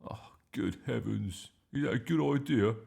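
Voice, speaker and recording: A man voicing a stern, exasperated father in a storybook, gruff and blustering. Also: medium pitch, unhurried, darkish tone, pitched above the performer's own voice.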